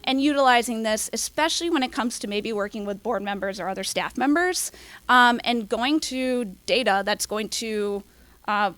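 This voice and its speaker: A young woman leads a casual workshop in a fairly high voice, rushing along with plenty of "um"s. Her voice sits close and dry, with no room sound around it. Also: fairly bright tone, no room sound. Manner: quick, filler-heavy, apologizes for talking fast. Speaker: workshop presenter.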